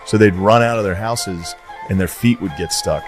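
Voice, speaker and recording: A man's voice: on the low side, moderate pace, faint music behind. A man in casual chat who describes things vividly and with emphasis.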